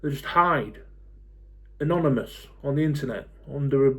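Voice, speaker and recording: A man's voice: medium pitch, expressive, normal speed. Blunt man in his forties. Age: 40s. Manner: blunt, swears freely, many filler ums. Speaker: football fan YouTuber. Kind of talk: casual to-camera rant.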